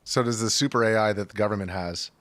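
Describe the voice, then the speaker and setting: Very deep male voice, fast wisecracks, dry studio mic. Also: a bit bright, dry recording. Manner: wry, joking interjections. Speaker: talk-show panelist. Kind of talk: casual talk-show banter. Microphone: studio microphone.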